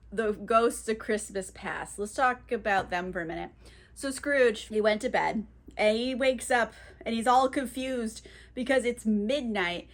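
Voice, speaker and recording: A woman's voice: on the high side, a bit bright. A woman recapping a classic novel for her book vlog in a chatty, filler-heavy, swearing manner. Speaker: book vlogger.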